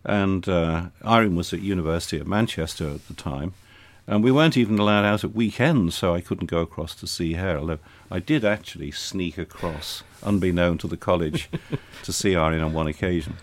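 Deep-voiced older man telling anecdotes. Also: a little fast, hardly any pauses, no echo. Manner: anecdotal, dry humour. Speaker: interview guest, retired air force officer. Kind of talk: reminiscing in conversation.

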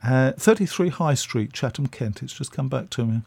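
A man's voice: mid-range voice, animated, normal speed, creaky, a little mellow, husky, no echo. An older man from England, a radio interview guest, telling chatty stories with fillers.

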